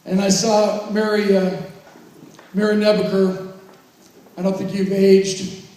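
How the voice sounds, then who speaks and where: A man's voice: high voice, little pitch movement, warm tone. Man in his fifties, echoing hall. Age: 50s. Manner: emotional, reflective, slow pauses. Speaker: alumnus giving a reunion speech. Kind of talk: heartfelt speech with jokes. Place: large reunion hall. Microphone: handheld microphone heard from far off. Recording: echoey hall from far off.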